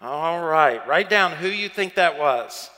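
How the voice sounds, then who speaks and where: A man's voice: a little high, lively intonation, takes it slowly, bright, forceful tone, long reverb tail. A man with a Southern accent preaching a sermon as pastor, chatty and playful, quizzing the congregation.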